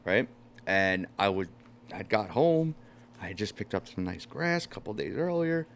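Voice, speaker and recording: A man tells a long story in a loose, casual chat. He swears freely and jumps up loudly when he acts out what people said to him. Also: on the low side, very animated, moderate pace, gravelly, slight background noise. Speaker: podcast host.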